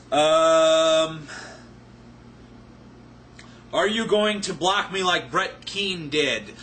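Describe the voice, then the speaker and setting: Answering viewer questions on camera, a not-quite-sober man rants profanely and sarcastically, rambling a bit. He speaks in a high, animated, bright and forceful voice, unhurried but with few pauses, over a slight hiss or hum.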